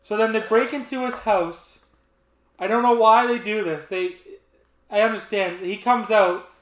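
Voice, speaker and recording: A man with a high voice talks casually about a film he watched, retelling its scenes in an animated way. The room is echoey around him. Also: a little slow, a little hiss or hum. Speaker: podcast co-host. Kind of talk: casual movie chat.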